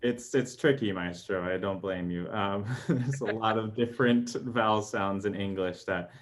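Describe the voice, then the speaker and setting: A man who sings opera as a tenor, explaining singing technique in a friendly, animated way. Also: on the low side, normal speed, a little hiss or hum. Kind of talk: casual interview chat.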